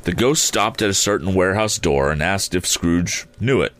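A man narrating a classic story aloud in an expressive, theatrical way. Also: low voice, moderate pace. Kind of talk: audiobook reading.

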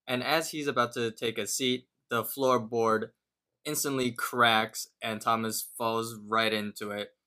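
A man's voice: medium pitch, fairly even intonation, measured pace, sharp tone. A man co-hosting a podcast, casually retelling a cartoon episode scene by scene and quoting the characters' lines in a lifted voice. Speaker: podcast co-host.

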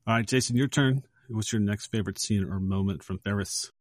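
A man's voice: lowish voice, fairly quick, no room sound, clean studio sound. A man hosting a podcast, upbeat as he retells a tense film moment. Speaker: podcast host. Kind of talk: casual podcast film discussion.

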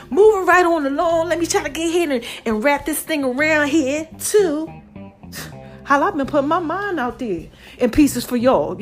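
Breathless woman vlogger, bright high pitch, lively direct-address chat over soft background music. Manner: chatty and animated, addresses viewers directly. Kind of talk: casual talk to camera.

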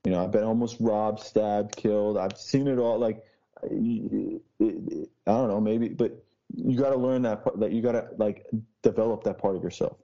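A man's voice: fairly low pitch, normal speed, gravelly, warm tone, lo-fi sound. A man, a guest who talks in a brash, rambling way, swearing often in casual chat. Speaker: podcast guest, street DJ. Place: Boston.

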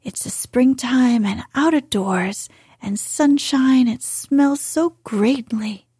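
Lady doing a spunky little girl laying on the yorkshire, breathy and slow. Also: sits high, dark tone, dry recording, clean studio sound, full character voice. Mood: playful. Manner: put-on broad dialect, whispery. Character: young girl, bold and triumphant.

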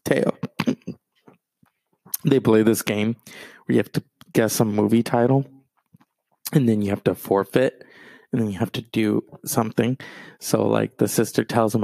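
A man chats loosely about films on his stream, wandering off on tangents, swearing freely and correcting himself mid-sentence. His voice has a gravelly, fry-heavy edge. The sound is dry and close, with no room echo. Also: on the low side, steady tone, moderate pace, pauses often, darkish tone. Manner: rambling, profane, self-interrupting movie talk. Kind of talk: casual chat.

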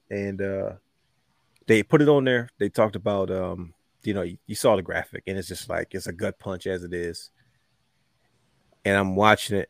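A man hosting a casual podcast chat, heartfelt and unhurried, with many fillers and pauses. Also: deep voice, no room sound, studio quality. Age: adult with a young son. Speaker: podcast host.

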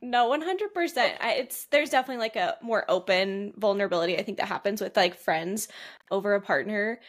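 A woman's voice: medium pitch, fairly quick. A young woman co-hosting a podcast in casual chat, chatty and laughing often, full of "like". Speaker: podcast co-host.

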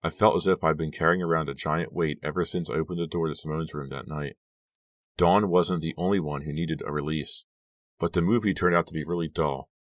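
A man narrating a first-person audiobook in a steady, even storytelling manner. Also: very deep voice, fairly quick, no room sound, clean studio sound, far from the mic.

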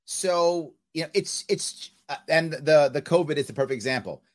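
A man's voice: fairly high pitch, normal speed. A man hosting a podcast interview, talking casually and with strong opinions, often checking in with "right?". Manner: animated, opinionated, repeats "right?". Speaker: podcast host.

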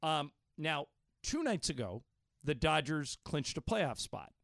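A man's voice: a little high, very animated, takes it slowly, vocal fry, fairly bright tone, no room sound, studio quality. A man hosting a sports talk radio show, pressing his co-hosts with pointed questions. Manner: argumentative, probing questions. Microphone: studio microphone.

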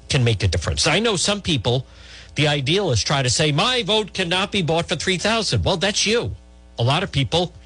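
A man's voice: fairly high pitch, a bit bright, husky. A middle-aged man hosting talk radio, giving blunt, rambling political opinions with many restarts.

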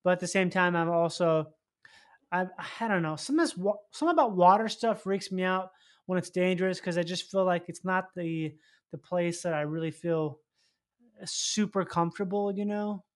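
A man's voice: high voice, normal speed. A man hosting a loose, profane, rambling casual chat. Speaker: podcast host.

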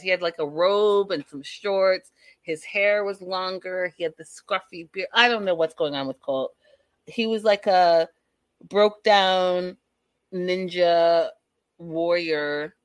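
Chatty woman recapper, lowish voice, dry close mic, talks right to her viewers. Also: no echo. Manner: gossipy, addresses viewers directly. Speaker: reality TV recap vlogger.

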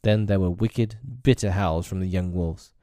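A man narrating a classic story in a measured, expressive reading. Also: low voice, dry recording, clean studio sound.

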